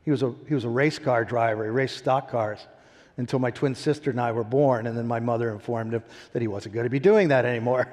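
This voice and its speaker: A man in his sixties from upstate New York recounts his past as a wine company founder, telling it as lively anecdotes and laughing often. His voice sits in an ordinary middle pitch. A long hall reverb trails behind him. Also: fairly quick. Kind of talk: storytelling interview answers.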